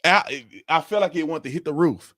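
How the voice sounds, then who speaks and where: A man in his thirties hosting a casual livestream from home, reading viewer comments and telling stories with lively, animated delivery. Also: moderate pace, dry recording, clean studio sound. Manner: animated storytelling, voice jumps high when excited. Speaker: livestream host reading super chats.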